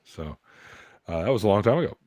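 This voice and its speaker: Lively canadian guy in his 40s, low voice, swoopy pitch, laughs and does voices while telling stories, dry sound. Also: fairly quick, dry recording. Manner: animated, laughing storyteller who acts out voices. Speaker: guest. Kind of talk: casual storytelling chat.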